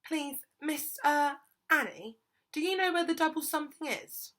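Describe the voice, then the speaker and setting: Woman doing a young schoolgirl, earnest, gabbling, pitched up. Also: moderate pace, a bit bright. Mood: pleading. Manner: eager, gabbling pleas.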